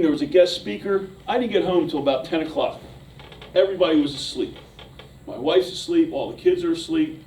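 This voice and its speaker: Animated male storyteller, echoey and distant. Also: on the high side, slight background noise. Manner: animated storyteller who builds to shouting. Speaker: motivational speaker. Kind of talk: storytelling motivational speech.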